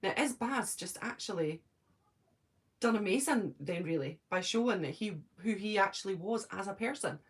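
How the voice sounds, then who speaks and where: A woman's voice: medium pitch, fairly bright tone. A Scottish woman chatting casually on a live stream from her home, answering viewers' comments by name and thinking aloud. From Scotland.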